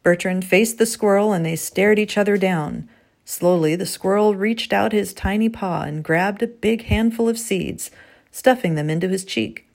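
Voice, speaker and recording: A woman narrating a story in a wry, gently humorous way. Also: mid-range voice, moderate pace, creaky.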